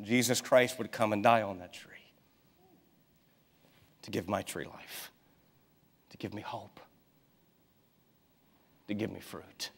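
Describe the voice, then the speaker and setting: A man in his thirties preaching a sermon, telling a family story in a lively way and acting out the people in it. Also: on the low side, slow, creaky, pauses often, slightly rough. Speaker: pastor. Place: church sanctuary. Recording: long hall reverb in a church.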